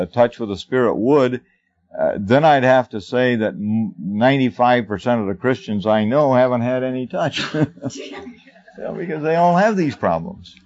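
A man earnestly teaching about Christian life, speaking deliberately and with emphasis, often repeating himself. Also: on the low side, darkish tone. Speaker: Christian teacher answering a question. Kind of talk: unscripted spoken teaching. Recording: dull lo-fi recording.

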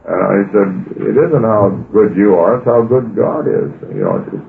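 A man's voice: low voice, very animated, normal speed, creaky, few pauses, roomy sound. A man preaching a sermon in a conversational, folksy way, often acting out the quotes of the people in his stories. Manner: conversational, folksy, with filler uhs and acted-out quotes. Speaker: pastor. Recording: tinny phone-like old radio broadcast with faint hiss.

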